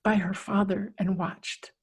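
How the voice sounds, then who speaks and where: A middle-aged woman, a resilience coach, telling a personal story in an interview in a vivid, animated way that acts out the scenes. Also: mid-range voice, measured pace, creaky, husky.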